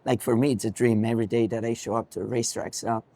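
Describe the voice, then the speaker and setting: A man's voice: mid-range voice, little pitch movement, fast talker, warm tone, no room sound. A young man with a Spanish accent, a racing driver, answering interview questions thoughtfully with frequent ums and restarts.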